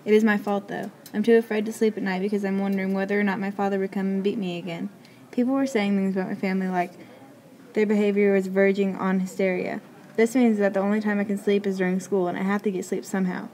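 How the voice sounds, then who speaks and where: A woman reading a story aloud in a quick, plain way, with small stumbles now and then. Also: mid-range voice, level tone, warm tone, poor audio.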